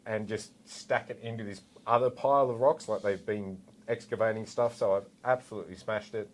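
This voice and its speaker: A man in his forties with an Australian accent, a former police officer telling a story in a relaxed, animated way with lots of asides. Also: on the low side, fairly quick. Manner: animated, rambling with fillers and asides. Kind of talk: casual storytelling anecdote.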